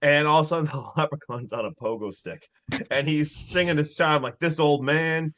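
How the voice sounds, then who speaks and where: A man co-hosting a podcast, excitedly recapping a horror movie in casual chat. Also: a little high. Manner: excitable, swears, recaps in quick bursts with laughs. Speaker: podcast co-host.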